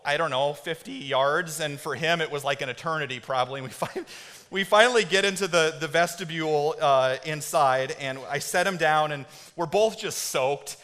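Brief: pastor, male, fairly high voice, lively storytelling sermon, long hall reverb. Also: normal speed. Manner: animated, conversational, often checking in with "right?". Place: church sanctuary.

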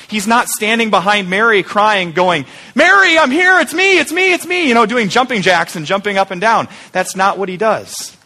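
A man delivers an Easter sermon with a bright, forceful voice that sits a little high. He preaches in a conversational, animated way and keeps asking rhetorical questions. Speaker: pastor.

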